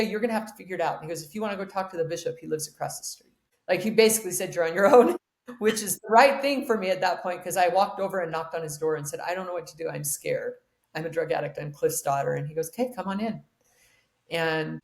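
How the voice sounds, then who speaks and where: A woman's voice: deep voice, gravelly. Earnest woman telling her life story, echoey room. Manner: earnest, emotional storytelling with quoted dialogue. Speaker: podcast guest. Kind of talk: personal storytelling interview.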